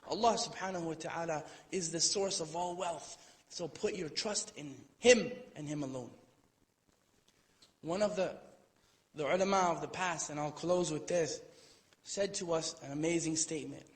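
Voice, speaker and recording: A man lectures a live audience in a hall, with a voice sitting a little high for a man. He tells the story in a relaxed way and stops for playful asides. His words trail off into a long reverberant tail. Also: normal speed. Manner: conversational, playful asides, acts out quotes. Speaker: Islamic lecturer. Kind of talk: storytelling sermon.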